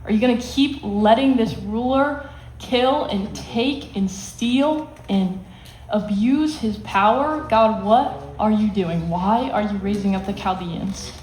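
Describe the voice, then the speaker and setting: A woman's voice: medium pitch, slow pace, darkish tone. A woman teaching a Bible lesson to students, explaining in plain words and acting out the quotes with emphasis. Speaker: youth Bible study teacher. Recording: echoey room, faint hiss.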